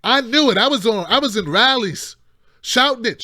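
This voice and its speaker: A man's voice: extremely high pitch, lively intonation, brisk, sharp tone, dry recording, studio quality. A man hosting a live call-in show, delivering impassioned political commentary in a rambling, emphatic way with mocking asides.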